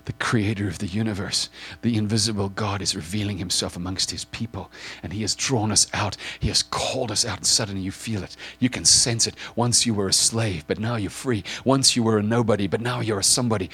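Husky man preaching a vivid scene. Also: on the low side, a little fast, hardly any pauses, fairly bright tone. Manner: vivid second-person storytelling; repetitive, building intensity. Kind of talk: guided scripture visualization.

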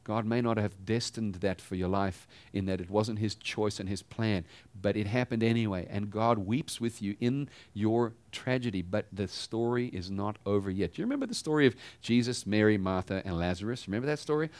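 A pastor giving a sermon in a conversational style, asking the congregation rhetorical questions. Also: male voice, on the low side, brisk, hardly any pauses, darkish tone.

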